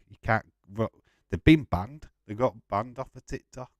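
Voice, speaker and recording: A man's voice: mid-range voice, unhurried, a little mellow, no echo, clean studio sound. A man hosting a live football watch-along, chatting casually, swearing and laughing as he goes.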